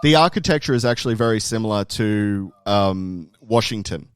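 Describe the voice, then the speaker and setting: A man's voice: on the low side, lively intonation, normal speed, clean tone, dry recording. An Australian man co-hosting a podcast, telling stories in a rambling way with many restarts. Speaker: podcast co-host, guest. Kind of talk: casual chat.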